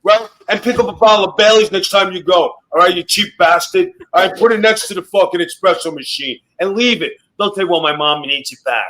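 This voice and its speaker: A man guesting on a talk show, ribbing the hosts in a gruff, swear-heavy mobster-style banter. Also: high voice, fairly quick, hardly any pauses, pushed and bright, slight background noise. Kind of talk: profane roast-style ribbing and storytelling.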